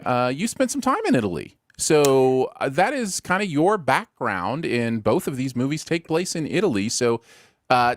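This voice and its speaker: A man hosting a casual chat, animated and full of fillers. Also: fairly high pitch, dry recording, studio quality. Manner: animated, hesitant, many fillers. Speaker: host.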